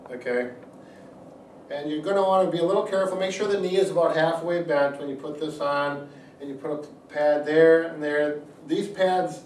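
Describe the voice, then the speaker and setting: A man's voice: fairly high pitch, a little mellow, slight background noise. A man, a physical therapist, gives a casual product demonstration and explains things step by step with frequent fillers. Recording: echoey room, mic at a distance.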